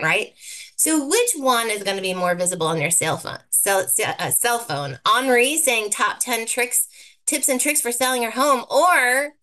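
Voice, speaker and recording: A woman teaches over a live video call with slides, her voice bright and forward. She is brisk and upbeat, and she leans on key words and repeats them for emphasis. The sound comes through a computer microphone. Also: medium pitch. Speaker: guest presenter teaching thumbnail design. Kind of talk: live webinar presentation with slides.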